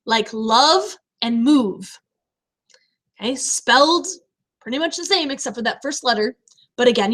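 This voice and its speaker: A woman teacher explaining poetry terms in a recorded lecture, slowing down to stress key words. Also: sits high, a bit bright.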